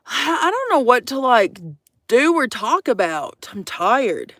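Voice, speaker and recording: A young woman with a drawl livestreams from her van into a phone, teasing her viewers and swearing freely. Her voice sits a bit high and swings widely in pitch. The sound is close and dry, with no room ring. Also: very animated, a little slow, a bit bright, dry recording. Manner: swearing, teasing, sassy, addresses viewers as y'all. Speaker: vanlife livestreamer. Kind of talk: casual livestream chat.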